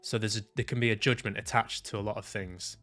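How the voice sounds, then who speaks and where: A man vlogging about his own experience, reflective and halting, often restarting his sentences and swearing casually. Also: on the low side, fairly even intonation, a bit bright, faint music behind. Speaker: vlogger sharing personal experience. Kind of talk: reflective personal vlog monologue.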